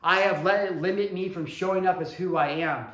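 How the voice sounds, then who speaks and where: Man, thirties, motivational speaker, emphatic, hushed then loud, fairly high voice. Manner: emphatic, swings between hushed and loud, drawn-out words; swears casually. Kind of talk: motivational storytelling to an audience. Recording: echoey room.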